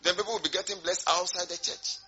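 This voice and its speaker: A man's voice: high-pitched, steady tone, fast talker, pushed and bright, slightly rough. A man preaching a sermon to his congregation, often asking emphatic rhetorical questions. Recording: dull lo-fi sermon recording.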